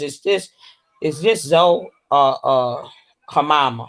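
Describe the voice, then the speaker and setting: Lady talkin slow on her livestream, sweet-talking the chat, lots of baby and honey. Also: low-pitched. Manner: slow, drawling, full of terms of endearment. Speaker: livestream host. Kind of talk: casual livestream chat with viewers.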